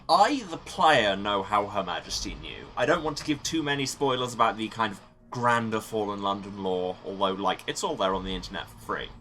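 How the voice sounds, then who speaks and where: A let's play host with a lowish, pushed, bright voice reads a game's story text aloud, adding wry asides as he plays through it. There's slight background noise.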